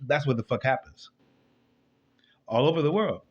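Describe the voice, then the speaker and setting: A man giving loose, profane commentary while reading scripture, rambling, muttering low and then bursting up high. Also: expressive, moderate pace, a little hiss or hum. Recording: dull lo-fi recording.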